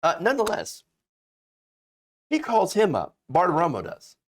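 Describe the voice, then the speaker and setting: A man's voice: high voice, wildly swooping pitch, normal speed, long pauses. A man hosting casual political commentary, sarcastic and mocking, slipping into exaggerated voices to ridicule people.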